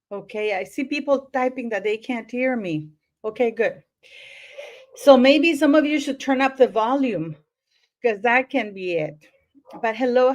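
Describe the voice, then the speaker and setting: A woman hosting a casual livestream, chatting with viewers and greeting them by where they are watching from, with lots of fillers. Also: a little high. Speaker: livestream host.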